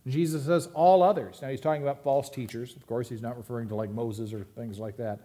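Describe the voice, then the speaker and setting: Mellow-voiced man preaching a sermon. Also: medium pitch, fairly even intonation, fast talker. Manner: conversational preaching, emphatic rises and asides. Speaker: pastor.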